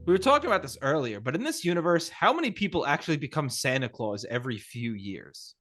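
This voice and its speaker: Upbeat male podcast co-host, bright tone, animated delivery, jokey quizmaster. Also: on the high side, quick pace. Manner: joking, animated, runs quiz questions. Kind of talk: casual chat.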